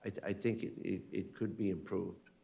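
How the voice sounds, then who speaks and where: A man with an American accent, a county commissioner, making halting remarks at a public meeting. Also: sits low, steady tone, vocal fry, warm tone. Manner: halting, restarts words.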